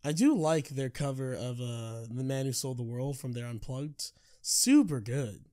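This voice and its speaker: A man's voice: medium pitch, measured pace, dark tone. A young man hosting a casual podcast chat, joking around and laughing often. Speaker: podcast host.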